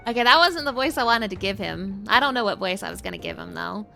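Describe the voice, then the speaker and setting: A woman's voice: medium pitch, expressive, quick pace, gravelly, sharp tone, faint music behind. A woman streaming a game, chatting casually with her viewers and laughing often. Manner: giggly, chatty, talks to chat. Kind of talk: casual game livestream chat.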